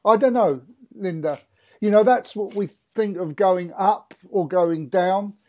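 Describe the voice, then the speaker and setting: A man hosting a casual chat, relaxed and giving short backchannels. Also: high voice, unhurried. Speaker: host.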